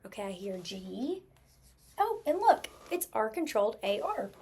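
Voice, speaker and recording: Woman, teacher, slightly high pitch, patient, sounds out words slowly, spelling lesson for children. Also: big pitch swings, darkish tone, husky. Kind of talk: spelling lesson for young students.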